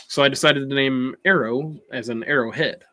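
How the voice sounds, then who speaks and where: A man co-hosting a relaxed movie podcast. He tells stories in an easygoing, chatty way. His voice is bright and tense, at a middle pitch. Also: normal speed. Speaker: podcast co-host. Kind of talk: casual movie podcast chat.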